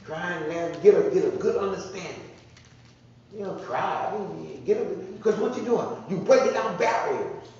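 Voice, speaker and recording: A man's voice: high voice, moderate pace, darkish tone, distant mic. A man preaching a conversational sermon, repeating phrases and drawing responses from the congregation. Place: church sanctuary. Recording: echoey muffled church sound from afar.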